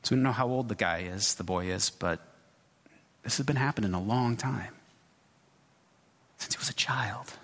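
A man giving a sermon as a pastor, in a conversational, halting way with many restarts and asides. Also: lowish voice, fairly bright tone. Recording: long hall reverb.

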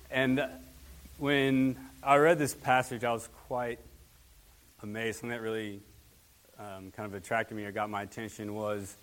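A young man giving a sermon as guest preacher, conversational and relaxed, with fillers and humorous asides. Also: medium pitch.

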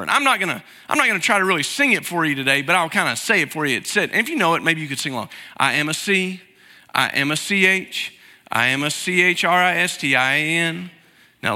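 High-voiced bright pastor in a reverberant hall. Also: male voice. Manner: conversational, asks the congregation to repeat after him. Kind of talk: sermon. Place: church sanctuary.

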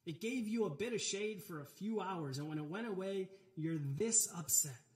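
A man voicing God as a patient teacher, speaking calmly and reasoning with questions to a sulking prophet. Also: high voice, moderate pace. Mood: patient, earnest. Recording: roomy, echoey hall.

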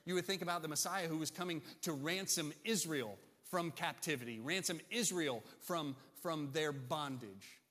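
A man preaches a sermon with an emphatic delivery and keeps asking his listeners "right?". His voice sits fairly high. The sound carries a long reverb, as in a church sanctuary. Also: normal speed, hardly any pauses, fairly bright tone. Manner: emphatic, asks the congregation "right?". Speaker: pastor.

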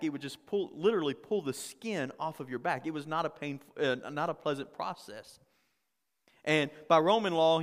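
A man's voice: a little high, in a large hall. A male pastor preaching a conversational sermon, often repeating words and asking the congregation questions.

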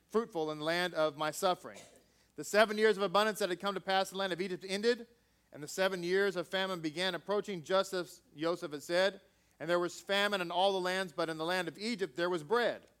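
High, smooth-voiced male preacher. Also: brisk, a bit bright. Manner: conversational, jokey asides with audience. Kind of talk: scripture reading and sermon.

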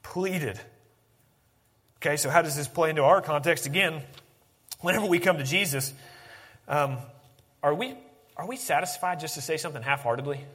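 A man preaching a sermon, swinging from animated emphasis to hushed, intense lines. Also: a little high, moderate pace, pauses often, big-room sound. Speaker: pastor.

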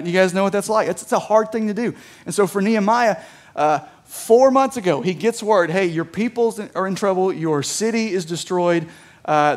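A man preaching a sermon in a conversational way. He reads scripture aloud and explains it, often checking in with listeners with a quick "right?". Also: high-pitched. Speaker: pastor.

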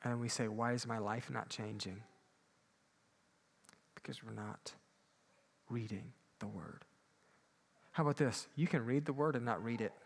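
A man preaching a sermon, moving between loud emphatic peaks and quiet low asides. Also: unhurried, vocal fry, long pauses. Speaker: pastor.

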